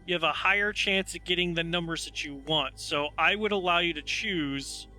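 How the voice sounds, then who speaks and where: A man running a tabletop game as game master, explaining rules and narrating at an unhurried pace with many restarts. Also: on the high side, bright, forceful tone, faint music behind. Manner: unhurried, with frequent restarts and asides.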